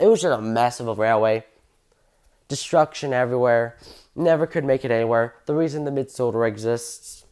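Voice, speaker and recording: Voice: medium pitch, darkish tone. A train fan hosting a casual commentary video, talking enthusiastically in a rambling way and often stopping to correct themselves. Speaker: train fan channel host.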